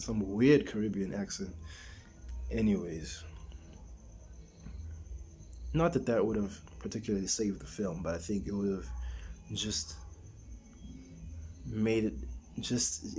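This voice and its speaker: A man's voice: medium pitch, mellow, a little hiss or hum. Exasperated man ranting a movie review. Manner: exasperated, rambling with restarts and rhetorical "right?". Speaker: film reviewer.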